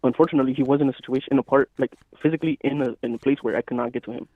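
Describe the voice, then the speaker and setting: A man co-hosting a casual podcast chat, talking in a calm, even, matter-of-fact way. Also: mid-range voice, very fast, no room sound. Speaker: podcast co-host. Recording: dry, phone-like thin sound.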